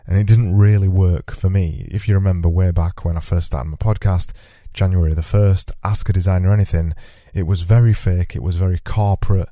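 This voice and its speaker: A man's voice: deep voice, dark tone, no room sound, clean studio sound. A man hosting a solo podcast, talking into a microphone from notes in a loose, conversational way, repeating phrases as he thinks aloud. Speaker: podcast host. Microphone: studio microphone.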